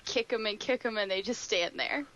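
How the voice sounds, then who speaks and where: A woman co-hosting a podcast, reading news aloud haltingly and giggling. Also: mid-range voice, a bit bright, dull audio, slight background noise. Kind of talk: casual chat and reading aloud.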